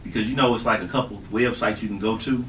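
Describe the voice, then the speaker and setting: A man hosting a podcast in casual chat, telling animated stories with lots of swearing. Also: on the low side, fast talker, slight background noise. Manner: animated storytelling, heavy swearing. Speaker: podcast host. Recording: echoey room mic from a distance.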